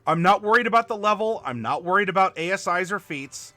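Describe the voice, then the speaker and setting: A man hosting a live tabletop worldbuilding stream, chatting to viewers and halting over fillers as he spells out dice commands. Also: high-pitched, expressive, pushed and bright, no echo. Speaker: game master and stream host.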